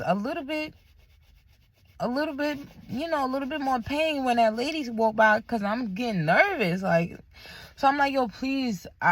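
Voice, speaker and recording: A young vlogger with a high-sitting voice casually tells her birth story, with no room sound. She's animated, acting out other people's voices and dropping to a near-whisper at tense moments.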